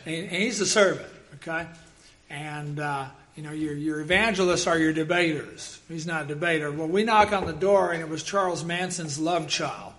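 A man preaching a sermon as pastor, telling personal stories in a lively way and bursting into loud acted quotes. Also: a little high, normal speed.

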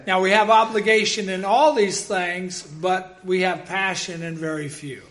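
A man preaching a sermon as pastor, telling personal stories in a lively way and bursting into loud acted quotes. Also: high voice, a little slow.

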